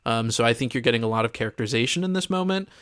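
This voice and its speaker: A man's voice: mid-range voice, animated, rapid-fire, a bit bright, clear, resonant tone. Hedging man podcast co-host. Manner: hedging, lots of "you know" and "um". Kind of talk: casual chat.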